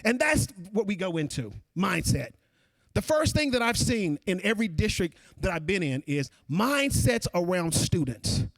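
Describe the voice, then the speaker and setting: A keynote speaker with a high-sitting voice addresses a conference at normal speed, animated and talking directly to the crowd as "folks." There's no echo.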